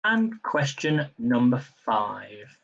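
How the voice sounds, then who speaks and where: Man, quiz host, live stream, chatty, reads questions slowly twice, mid pitch, muffled lo-fi audio. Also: very animated, creaky, a bit bright, recorded from a distance. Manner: chatty asides, then reads each question slowly and repeats it.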